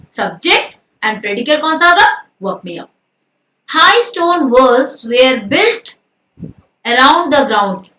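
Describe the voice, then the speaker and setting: Indian woman teacher, high voice, a step back from the mic in an echoey room, quizzes and answers herself. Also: sharp tone, distant mic. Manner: asks and answers own questions, mixes in Hindi. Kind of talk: grammar lesson.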